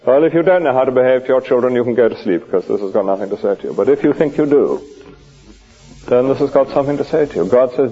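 A man's voice: medium pitch, quick pace, slightly rough, soft background music. A man preaching a sermon at a lunch hour church service, asking his listeners question after question. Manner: lively, questioning preaching with rhetorical asides. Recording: dull lo-fi old recording.

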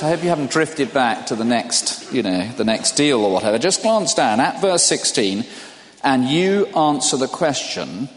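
An older man preaching a sermon in a conversational way, putting questions to his listeners. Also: a little high. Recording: long hall reverb.

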